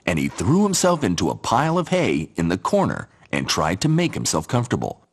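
A man narrating a children's storybook in a gentle, expressive way, with a slightly breathy voice. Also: low-pitched, brisk, hardly any pauses.

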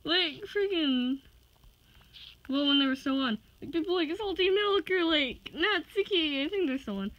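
A woman's voice: sits high, animated, a little fast, few pauses, no echo, highs cut off. A young woman vlogging casually, giddy and rambling, often breaking into laughter. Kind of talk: excited casual vlog.

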